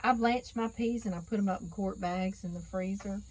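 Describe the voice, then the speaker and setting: A middle-aged woman from Louisiana with a Southern drawl hosts a cooking channel from an outdoor canning kitchen porch, chatting to her viewers in a folksy, talkative way and calling them y'all. Her mid-range voice has a darkish tone and a moderate pace, and the recording is rough.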